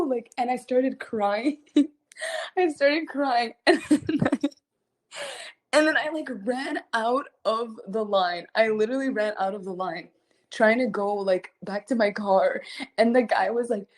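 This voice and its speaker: A young adult woman telling a story to fans in casual livestream chat, animated and full of fillers, laughing often between phrases. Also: on the high side, moderate pace. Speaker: singer chatting with fans.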